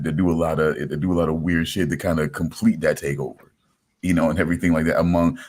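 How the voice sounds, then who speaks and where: A man with a very low voice talks loosely in a casual podcast chat. He rambles, restarts often and leans on "you know what I'm saying". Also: darkish tone. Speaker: podcast host.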